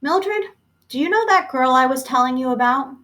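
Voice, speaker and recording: A woman's voice: high-pitched, expressive, moderate pace, fairly bright tone, voice pushed up. A woman doing exasperated husband Montag. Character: agitated, bewildered adult husband, man.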